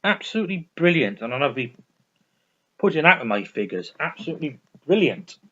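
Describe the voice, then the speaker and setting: A slightly high, sing-song male voice, brisk, bright, and forceful, carries this casual record review. The vinyl collector vlogger rambles enthusiastically and keeps repeating himself, all on a dull lo-fi recording.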